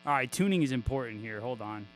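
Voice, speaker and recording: A man's voice: mid-range voice, lively intonation, fast. A man hosting a guitar livestream, chatting casually with viewers, joking, swearing freely and laughing a lot. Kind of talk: casual livestream chat, reading viewer comments.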